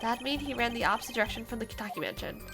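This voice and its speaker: A woman's voice: fairly high pitch, racing, close to an everyday voice. Woman reading as an earnest young male lawyer. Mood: pressing. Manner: direct, questioning. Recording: game music behind.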